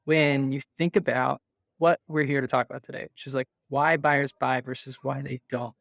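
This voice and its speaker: A man being interviewed, explaining his ideas in an animated, conversational way and laughing easily. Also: mid-range voice, moderate pace, vocal fry, no echo. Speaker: interview guest.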